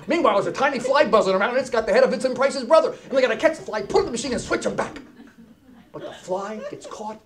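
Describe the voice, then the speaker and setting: Ny guy doing stand-up on stage, voice jumps all over, cracks jokes, goes quiet for the asides. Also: sits high, fast, a crowd in the background. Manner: wisecracking, animated, drops to hushed asides. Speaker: comedic keynote speaker. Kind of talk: stand-up comedy storytelling. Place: stage before a live audience.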